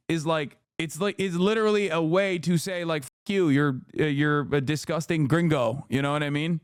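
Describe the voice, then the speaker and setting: A man's voice: on the high side, clear, resonant tone, no room sound, clean studio sound. A man streaming, reacting to news clips in casual, blunt, slangy commentary. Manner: blunt, profane, slangy, lectures chat.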